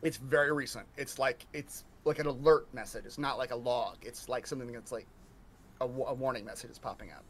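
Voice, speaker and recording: A man narrating a tabletop horror game as game master, halting and full of restarts. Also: medium pitch. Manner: halting, restarts mid-sentence, many ums.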